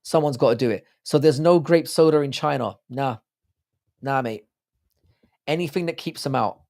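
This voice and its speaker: A British man hosts a livestream, bantering crudely and joking with his viewers. His voice is hoarse from a sore throat and has a gravelly rasp. It sits at an ordinary middle pitch. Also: moderate pace, darkish tone. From United Kingdom. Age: adult with a child. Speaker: livestream host. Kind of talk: casual livestream chat reading out viewer comments.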